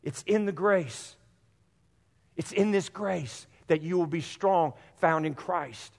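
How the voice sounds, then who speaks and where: A man's voice: fairly high pitch, slow pace, vocal fry. A man preaching a sermon as pastor, earnest and direct with his congregation, repeating phrases for emphasis. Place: church sanctuary. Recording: long hall reverb.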